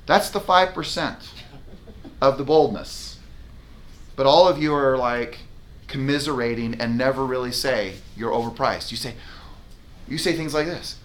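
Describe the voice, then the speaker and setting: A man's voice: medium pitch, moderate pace, a little hiss or hum. A man leading a live sales training for real estate agents, talking emphatically and acting out client conversations. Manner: energetic, emphatic, acts out client dialogues. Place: training room with a whiteboard.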